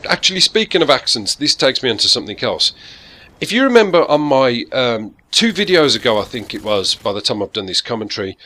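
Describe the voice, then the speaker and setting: A man's voice: medium pitch, sharp tone. A gaming YouTuber chatting casually to his viewers in a rambling, self-deprecating way. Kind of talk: casual talk to camera.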